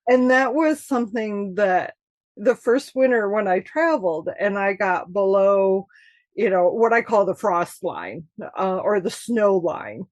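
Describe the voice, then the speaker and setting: Woman from Michigan, author guest, animated storyteller with frequent laughs; dry, close podcast sound. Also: medium pitch, a little slow, no room sound. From Michigan, USA. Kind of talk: casual interview chat.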